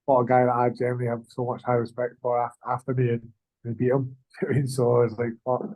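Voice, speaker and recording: A man's voice: mid-range voice, monotone, brisk, darkish tone, low-quality recording. A man, an amateur fighter, chatting casually in an interview, rambling and swearing with lots of slang. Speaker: amateur MMA fighter, guest.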